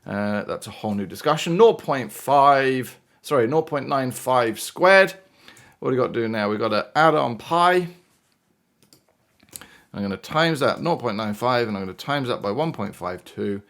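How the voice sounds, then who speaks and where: A man's voice: medium pitch, expressive, moderate pace, fairly bright tone. A British man teaching a maths lesson in a chatty, playful way, with exclamations and asides as he works through examples. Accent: British English. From United Kingdom.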